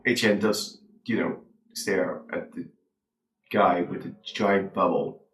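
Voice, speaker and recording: A man playing a tabletop game, talking hesitantly with many pauses and ums. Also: low-pitched, fairly even intonation, slight background noise. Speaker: player. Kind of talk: tabletop role-play. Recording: echoey room, far from mic.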